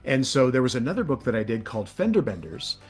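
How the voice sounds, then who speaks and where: A man who narrates audiobooks, chatting in an interview in a lively way, his voice jumping up when excited. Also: quick pace, slightly rough, soft background music. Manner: animated, pitch jumps when excited. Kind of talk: casual interview chat.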